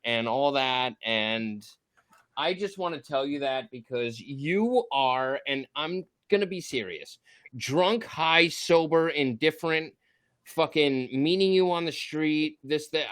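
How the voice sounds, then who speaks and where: A man's voice: medium pitch, a bit bright. A tipsy man on a livestream, gushing and rambling with swearing and laughter. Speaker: livestream guest. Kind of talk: emotional tipsy livestream chat.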